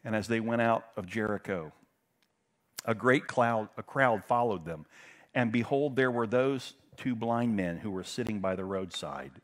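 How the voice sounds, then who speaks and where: A middle-aged man preaching a sermon, telling stories in a conversational way and swinging from loud emphasis to hushed, intense passages. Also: on the low side, a little slow. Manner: conversational storytelling with fillers. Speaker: pastor.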